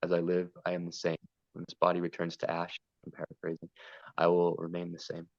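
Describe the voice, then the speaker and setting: A man's voice: deep voice, completely flat delivery, brisk, darkish tone, no room sound, lo-fi sound. A man talking earnestly and at length in a spiritual conversation, wandering between ideas and stories. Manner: meandering, earnest, storytelling. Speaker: podcast guest.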